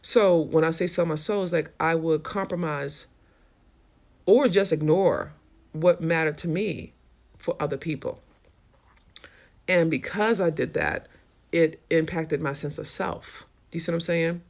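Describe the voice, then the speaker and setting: A woman's voice: sits low, unhurried, creaky, long pauses, darkish tone. A woman hosting a casual livestream, frankly answering viewer comments in a streetwise way. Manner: frank and streetwise, swears freely. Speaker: livestream host.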